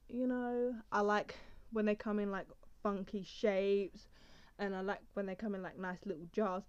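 A young woman talks on her own podcast at a middling pitch, giggling, mocking herself and drifting from one tangent to the next. Her voice comes through a dull, somewhat lo-fi mic with no room echo. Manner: giggly, self-deprecating, goes off on tangents. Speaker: podcast host. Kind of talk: rambling solo podcast chat.

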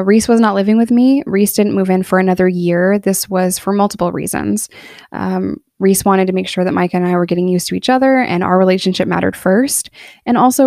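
A woman's voice: mid-range voice, a little mellow, no room sound, clean studio sound. A woman in her thirties telling her personal story in a candid, earnest monologue, emotional in places. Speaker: podcast storyteller.

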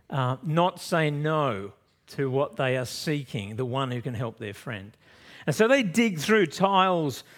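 Aussie pastor preaching, storytelling, goes loud then drops quiet, voice a bit high. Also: male voice. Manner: lively storytelling, swings from loud to soft. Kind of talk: sermon.

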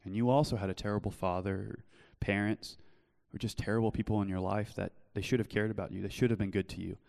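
A man's voice: fairly low pitch, fairly even intonation, fast, creaky. Earnest male preacher in a reverberant hall. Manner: earnest, shifts from loud storytelling to soft pleading. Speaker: pastor. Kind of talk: sermon with personal testimony. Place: church hall.

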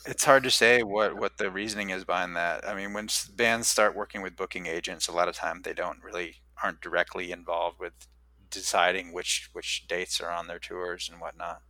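A man hosting a podcast interview, talking in an easygoing, measured way in casual chat. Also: sits low, fairly even intonation, pushed and bright, no echo.

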